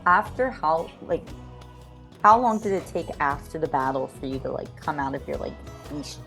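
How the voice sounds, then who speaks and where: A woman's voice: deep voice, lively intonation, normal speed, fairly bright tone, faint music behind. A woman playing a tabletop game, talking in a hesitant, apologetic, giggly way. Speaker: player. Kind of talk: casual tabletop play.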